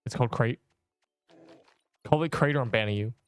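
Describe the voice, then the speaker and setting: A man's voice: medium pitch, fairly quick, smooth, dry recording, soft background music. A young man chatting on a game livestream, rambling in slang and joking with mock outrage at his chat. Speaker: game streamer.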